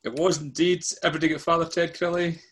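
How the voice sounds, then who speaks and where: A man's voice: fairly high pitch, little pitch movement, fast. A Scottish man hosting a casual quiz, chatty and self-deprecating, laughing often as he reads out questions. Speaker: quiz host.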